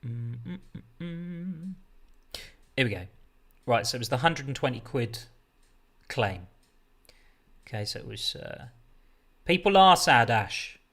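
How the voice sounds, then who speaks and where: A man's voice: medium pitch, very animated, a little slow, pauses often, fairly bright tone. A man hosting a casual livestream, talking in a rambling, chatty way that keeps breaking off and restarting. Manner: rambling, chatty, self-interrupting. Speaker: livestream host. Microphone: desk setup with a mixer.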